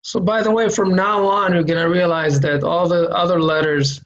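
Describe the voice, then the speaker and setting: A man's voice: high-pitched, fairly even intonation, normal speed, a bit bright, dull audio, slight background noise. A man teaching a reading lesson, explaining letter shapes and sounds step by step, patiently repeating each sound and checking in with "okay?". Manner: demonstrates sounds by repeating them.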